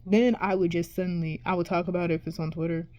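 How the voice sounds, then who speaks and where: A woman's voice: on the low side, fairly even intonation, fast, dark tone, dry recording. A woman vlogger ranting to her viewers in a casual, profane, exasperated way, rambling and restarting her sentences. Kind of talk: casual rant to camera.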